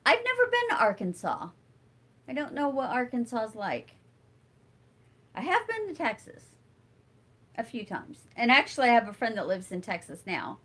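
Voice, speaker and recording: A woman's voice: on the high side, wildly swooping pitch, moderate pace, pauses often, a bit bright, breathy edge. A middle-aged woman hosting a casual livestream, chatting with viewers and answering comments while she crafts, rambling and thinking aloud with lots of fillers. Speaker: livestream host.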